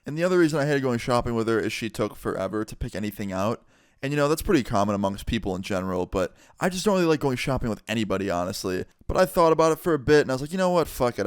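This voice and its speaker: A young man casually telling a story, swearing often and retelling it in an animated way. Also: medium pitch, clear, resonant tone, dry recording, clean studio sound. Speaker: vlogger. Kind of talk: storytime vlog.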